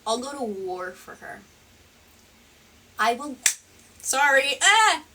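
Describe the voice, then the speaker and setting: A woman's voice: high-pitched, very animated, slow pace, far from the mic, background noise. A woman hosting a reaction commentary video, sarcastic and rambling, swearing often.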